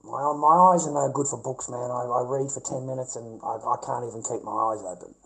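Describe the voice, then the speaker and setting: A man's voice: medium pitch, fairly quick, gravelly, fairly bright tone, low-quality recording. A middle-aged Australian man ranting bluntly and profanely in casual talk to his viewers.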